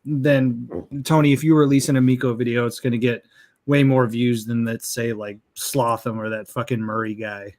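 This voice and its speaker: A man's voice: medium pitch, little pitch movement, normal speed, darkish tone, dry recording. A man on a gaming livestream, speaking sarcastically and swearing in casual chat. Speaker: livestream guest.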